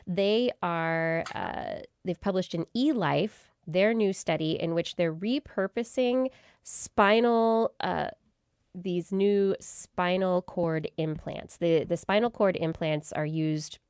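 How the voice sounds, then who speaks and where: A woman with a low, smooth and resonant voice talks through a research study on a science podcast. She explains things casually, often restarting her sentences and using fillers. The sound is dry and close. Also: slow, a little mellow, no room sound. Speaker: podcast co-host.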